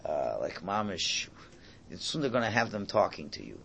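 A man teaching a religious class in a lively way, swinging between loud exclamations and quiet asides. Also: low-pitched, moderate pace, vocal fry, slight background noise. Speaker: Torah teacher.

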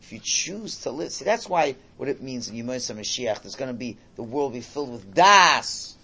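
A man teaching a religious class in a lively way, swinging between loud exclamations and quiet asides. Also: medium pitch, normal speed, breathy edge. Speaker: Torah teacher.

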